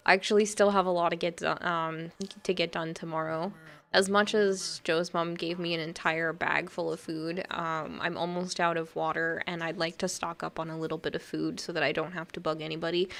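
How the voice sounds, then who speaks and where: A woman's voice: lowish voice, gravelly, fairly bright tone. A woman livestreamer chatting casually and rambling as she plays a game and reads out her chat, often breaking into laughter. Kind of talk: casual chat while gaming and reading chat.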